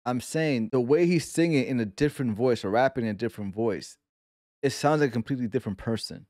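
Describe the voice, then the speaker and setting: A man from New York hosting a casual music reaction video, excitable and careful to explain his points. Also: medium pitch, fast talker, no echo, studio quality.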